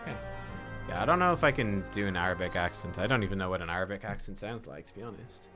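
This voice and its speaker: Over background music, a man with a low, expressive voice talks fast through casual let's-play commentary. This gaming video creator rambles as he thinks out loud, often poking fun at himself.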